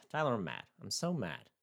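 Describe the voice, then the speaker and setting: A man's voice: lowish voice, huge pitch swings, moderate pace, gravelly. A man co-hosting a casual comedic movie chat, wry and incredulous. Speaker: podcast co-host.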